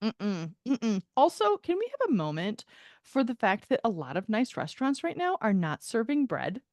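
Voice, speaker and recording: A woman's voice: a little high, very animated, normal speed, darkish tone, no room sound. A woman co-hosting a podcast, telling a story in casual chat with lots of laughter, acted-out quotes and swearing. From American Midwest. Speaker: podcast co-host.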